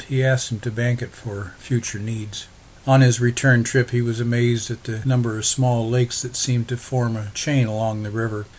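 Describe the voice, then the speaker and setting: A man reads a novel aloud in a steady, even storytelling manner. His voice is of ordinary pitch for a man. A faint noise sits beneath the recording. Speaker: audiobook narrator. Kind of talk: scripted narration.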